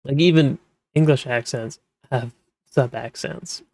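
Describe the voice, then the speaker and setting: A man's voice: mid-range voice, a little slow, a little mellow, no echo. A man who works as a manga translator, talking casually and rambling with many fillers and restarts. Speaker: manga translator, podcast host. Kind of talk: casual explanatory talk.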